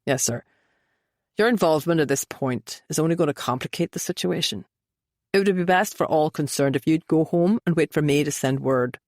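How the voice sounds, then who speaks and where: A woman voicing a reserved young man who speaks quietly and carefully. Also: low-pitched, no echo, clean studio sound, voice pushed down. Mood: measured. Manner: quiet and measured.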